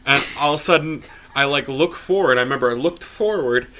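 Young male podcast co-host, bright and a touch high, animated storyteller who swears a lot. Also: fairly quick. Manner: animated, swears a lot, laughs while telling. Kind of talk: casual storytelling.

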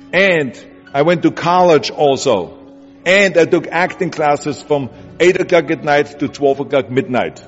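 A man with a German accent delivers an insistent motivational speech, hammering home his points. His voice sits fairly high, and long reverb rolls around him as if he is speaking in a big hall. The sound is dull and muffled, with music playing underneath. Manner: emphatic, repetitive, urging. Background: music bed.

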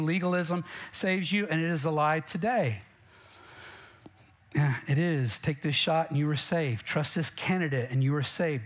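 Brief: male pastor, slightly high-pitched, punchy sermon delivery. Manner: emphatic preaching, direct questions to the congregation.

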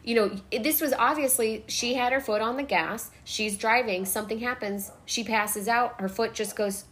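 A woman hosting a podcast, telling a story in casual chat, animated and swearing freely. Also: on the high side, moderate pace, slight background noise. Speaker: podcast host.

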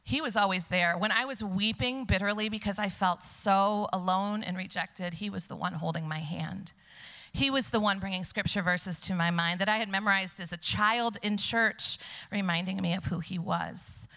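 A woman giving a personal testimony to a church congregation, telling her story with animation and dropping into soft whispers for emphasis. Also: mid-range voice, normal speed. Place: church sanctuary before a congregation.

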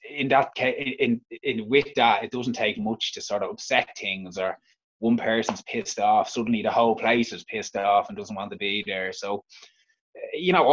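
A man with a Dublin Irish accent, an interview guest telling his own story frankly, halting and restarting often. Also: fairly low pitch, fairly bright tone, muffled recording. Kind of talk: candid personal storytelling.

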